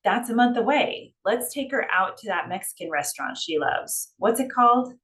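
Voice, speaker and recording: A woman's voice: on the high side, lively intonation, normal speed, a bit bright, slight background noise, pitched above the performer's own voice. A woman reading the lines of a laid-back young man in a story example. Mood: casual. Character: young adult man, offhand and unconcerned.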